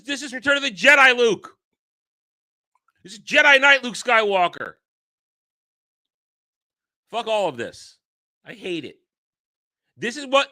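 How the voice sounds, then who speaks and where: A man hosting a commentary show, ranting angrily and swearing, sometimes shouting. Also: very high-pitched. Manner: angry, profane, shouting rants. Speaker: show host.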